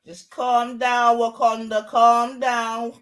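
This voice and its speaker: Excitable woman shouting fight calls. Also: a little high, slow. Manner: excitable, shouting, slang-heavy. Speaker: watch-along streamer. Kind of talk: live fight commentary.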